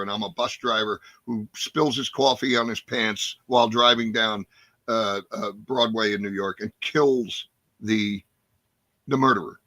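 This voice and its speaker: Older guy in his 60s telling war stories from acting gigs, swears a lot, bright punchy voice, dry close sound. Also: lowish voice, dry recording. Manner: animated, profane, acts out scenes. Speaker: actor and guest. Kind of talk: casual storytelling interview.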